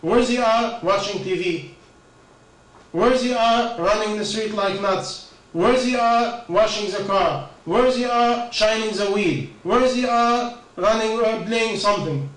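A man's voice: sits high, unhurried, a bit bright, reverberant, far from the mic, rough recording. A man giving an informal religious talk, firing rhetorical questions and answering them himself. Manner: questioning, rhetorical, non-native phrasing. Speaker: preacher.

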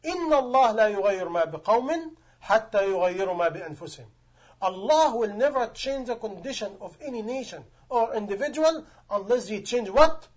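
High-voiced male preacher, emphatic. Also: lively intonation, rapid-fire. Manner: emphatic, rhetorical questions, non-native grammar. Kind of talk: sermon.

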